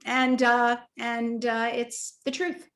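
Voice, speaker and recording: A woman in her fifties, an author telling a personal story in an emotional, animated way at a virtual interview event, acting out the voices in her story. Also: fairly high pitch, takes it slowly. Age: 50s. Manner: animated, emotional, acts out quoted dialogue. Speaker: author and toy company co-founder. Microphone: video call.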